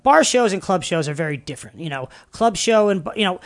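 A man, a comedian guest telling stories in a casual interview, animated and laughing often. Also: sits high, fast talker. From Long Island, New York. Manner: animated storytelling, laughs often, many fillers and restarts. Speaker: podcast guest, stand-up comedian.

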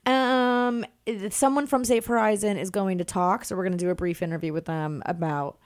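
A woman's voice: medium pitch, fairly even intonation, moderate pace, clean tone. A woman comedian, a podcast guest, telling stories in casual chat and laughing through them.

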